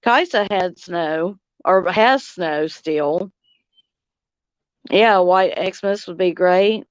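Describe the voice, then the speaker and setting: A middle-aged woman from Louisiana with a Southern accent, chatting casually on a livestream and reading comments, slow and drawling, laughing often. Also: lowish voice, clear, resonant tone, no room sound, muffled recording. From Louisiana, United States. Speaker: livestream host. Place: outdoors on a front porch swing.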